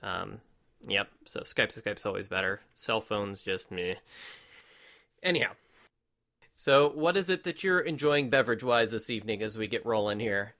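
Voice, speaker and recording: A man's voice: fairly low pitch, expressive, moderate pace, sharp tone. A man hosting a casual podcast, easygoing and joking with his guests. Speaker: podcast host. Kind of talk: casual chat.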